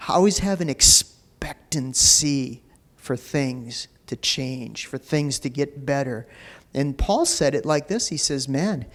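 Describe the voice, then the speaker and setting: A man preaching a sermon as pastor, talking in a loose, conversational way full of fillers. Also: medium pitch. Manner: conversational preaching with many "you know" fillers. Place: church sanctuary. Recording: long reverb of a church hall.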